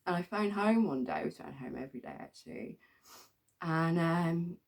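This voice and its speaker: Middle-aged english woman chatting away, lots of ums and laughs, lowish gravelly voice. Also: lively intonation, normal speed. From England. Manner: chatty, rambling, laughs often, with many ums. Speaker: vlogger. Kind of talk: casual storytelling.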